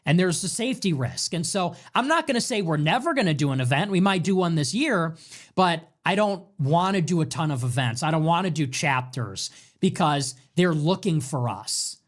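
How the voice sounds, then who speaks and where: Animated high-voiced man ranting. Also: normal speed. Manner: mocking, quotes critics in exaggerated voices. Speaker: political livestream host. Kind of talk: casual ranting commentary.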